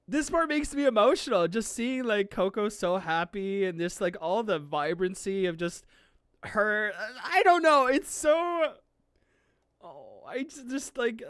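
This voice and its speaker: Gushing near-teary streamer, smooth clean voice, totally dry sound, casual stream chat. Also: medium pitch, no room sound. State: near tears with emotion. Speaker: streamer reacting to an anime.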